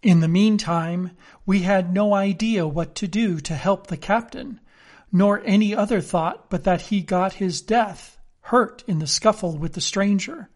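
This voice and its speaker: A man reading a classic novel aloud as narrator, in measured storytelling. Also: high voice. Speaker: audiobook reader.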